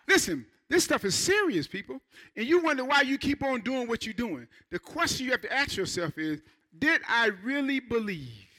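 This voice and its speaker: High, bright-voiced preaching man. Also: normal speed. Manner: animated preaching with playful asides and acted quotes. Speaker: pastor. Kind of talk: sermon. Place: church.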